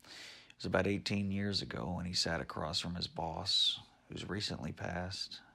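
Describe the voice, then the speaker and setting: A man's voice: sits low, moderate pace, creaky, bright, forceful tone. A man telling a made-up joke story in a rambling, offhand way. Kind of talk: improvised story narration. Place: at home.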